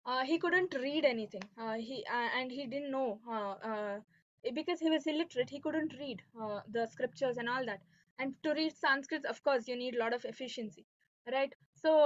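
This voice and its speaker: A woman teaches a devotional scripture class through storytelling, constantly checking in with listeners by asking "right?" and "okay." Her voice is high and a bit bright. The recording is dull, lo-fi, and dry, with no room sound.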